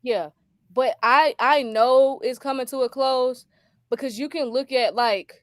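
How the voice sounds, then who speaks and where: A woman co-hosting a casual livestream chat, telling stories in an animated way and acting out quotes. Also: high-pitched, unhurried, dry recording, clean studio sound. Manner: animated storytelling with laughs and acted quotes. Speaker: podcast co-host.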